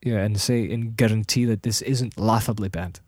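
A man in casual chat, talking in halting bursts with many restarts. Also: lowish voice, fairly even intonation, darkish tone, no echo, clean studio sound. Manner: halting, restarts often while practicing an accent.

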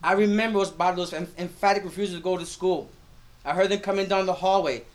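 A man with a notably high speaking voice reads his own prose aloud at a live event. He tells it expressively and slips Spanish phrases into the narration. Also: a little fast. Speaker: teacher. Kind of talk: live literary reading.

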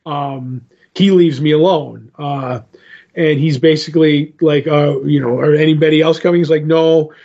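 Man recapping a comic, slightly high voice. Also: steady tone, normal speed, warm tone. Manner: rambling, loosely paraphrases characters' lines. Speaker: podcast co-host. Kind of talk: casual comic book recap. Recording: muffled lo-fi podcast audio.

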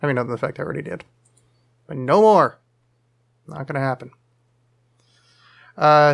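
His voice is mid-range and gravelly with a fairly bright tone. He's a podcast host doing a casual solo live episode at his home studio, leaning over toward his screen as he fields listener questions in a rambling, jokey, self-mocking manner packed with fillers.

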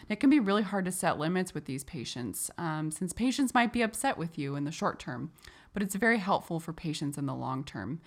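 A woman hosting and instructing in a clear, explanatory way. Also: low-pitched, big pitch swings, brisk. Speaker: host and instructor. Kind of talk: educational explanation.

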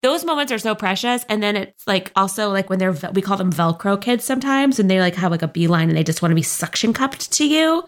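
A woman's voice: mid-range voice, lively intonation, fast, hardly any pauses. A woman in her thirties co-hosting a podcast about motherhood in a casual chat, gushing and laughing often. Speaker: podcast co-host.

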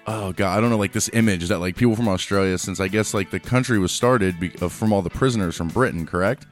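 A man's voice: sits low, fast talker, faint music behind. A man hosting a podcast, talking casually in a blunt, rambling way with plenty of swearing. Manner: blunt, profane, rambling with fillers. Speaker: podcast host. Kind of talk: casual chat.

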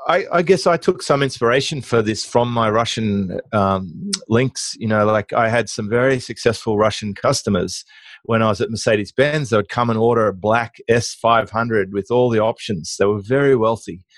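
A middle-aged man being interviewed as a guest, telling business anecdotes in a lively conversational way with frequent restarts. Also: on the low side, normal speed, dry recording. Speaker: guest, online marketing business owner.

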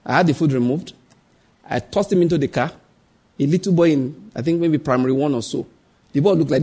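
Male pastor, higher-pitched husky voice, preaching to a congregation with rhetorical questions and acted-out voices in his stories. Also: expressive, moderate pace, long pauses, darkish tone. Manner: acts out quoted voices. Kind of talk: sermon.

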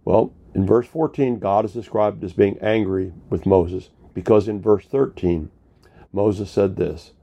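A man's voice: fairly low pitch, unhurried, gravelly, mellow, breathy edge. A male pastor giving a sermon in a conversational storytelling manner, retelling scripture with casual paraphrased dialogue.

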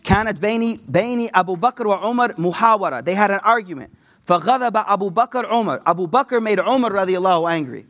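Brief: man, high-pitched, preaching casually, slangy storyteller who acts out the quotes. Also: very fast. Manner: slangy, animated retelling with acted quotes. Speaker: Islamic preacher.

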